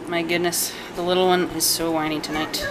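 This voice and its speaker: A woman's voice: on the low side, flat delivery, brisk. A woman casually chatting through a home cooking vlog in her kitchen, rambling with fillers and asides. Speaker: home cook and channel host. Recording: home video with noticeable background noise.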